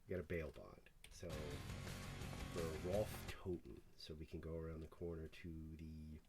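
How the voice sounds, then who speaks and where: Deep-voiced man mumbling over a game. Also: steady tone, moderate pace, over music. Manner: mumbly, laughing to himself. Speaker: gaming streamer. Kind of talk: casual gameplay commentary. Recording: rain noise behind.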